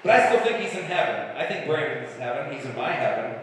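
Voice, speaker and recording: A man's voice: medium pitch, sing-song, fast, far from the mic, noisy background. A male stand-up comedian telling rambling, irreverent stories on a live comedy club stage. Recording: echoey hall, room mic from afar.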